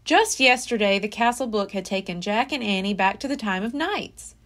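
A woman's voice: medium pitch, expressive, normal speed, a bit bright. A woman library storyteller reading a children's chapter book aloud with expression. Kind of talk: children's read-aloud narration.

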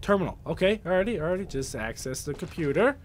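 A young man narrates his gameplay in a high, very lively voice, with loud, profane reactions. His commentary jumps between grumbling and shouting. A faint hiss runs under the recording. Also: fast talker. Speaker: gaming video host. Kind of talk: let's play commentary.

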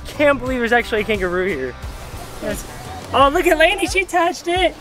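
A woman's voice: sits high, big pitch swings, fairly quick, a bit bright, faint music behind, poor audio. A woman filming a casual family vlog outdoors at a farm, upbeat and playful as she points out the animals. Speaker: family vlogger. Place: outdoors at a farm petting zoo.

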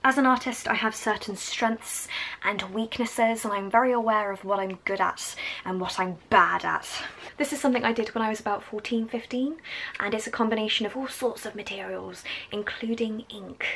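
A woman's voice: mid-range voice, moderate pace, gravelly, a bit bright, slight background noise, low-quality recording. Young English woman, strong Essex accent, bubbly vlogger who chats and wanders off on tangents. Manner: chatty and enthusiastic, going on tangents. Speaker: art vlogger. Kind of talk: casual vlog talk. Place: at home.

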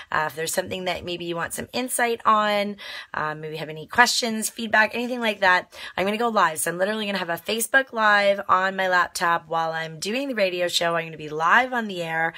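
A woman with a naturally raspy voice, made hoarse by a cold, chatting upbeat on a casual live video from a small cozy nook in a bedroom. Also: mid-range voice, pushed and bright. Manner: chatty and upbeat, with many fillers. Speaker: fitness coach and radio show host.

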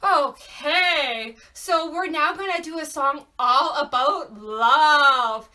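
A young woman hosting a library storytime from home, talking to parents and babies in a bouncy, animated sing-song. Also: high voice, slow. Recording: voice a bit far from mic.

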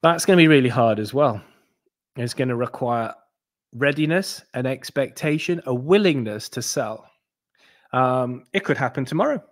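Talking casually to viewers of his crypto channel at a moderate pace, this male host rambles through restarts and side comments, alternating between quiet mumbling and abrupt bursts of animation.

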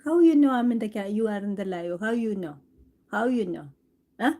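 A woman's voice: mid-range voice, expressive, fast talker, dark tone. A woman chatting casually on a live stream, doting on her cat and laughing often. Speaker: cooking channel host.

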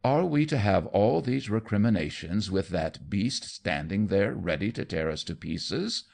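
A man's voice: fairly low pitch, lively intonation, unhurried, gravelly, a little mellow, heavily acted. A man voicing a hysterical young society lady who wails indignantly. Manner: wailing, indignant.

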